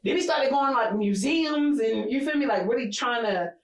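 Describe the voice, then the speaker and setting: A woman co-hosting a podcast, telling personal stories in a candid, profane, animated way. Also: a little high, moderate pace, reverberant, rough recording. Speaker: podcast co-host. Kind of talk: casual chat.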